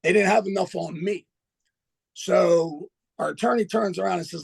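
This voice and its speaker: Gravelly older man, blunt and streetwise. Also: sits high, moderate pace. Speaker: podcast guest. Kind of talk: casual storytelling.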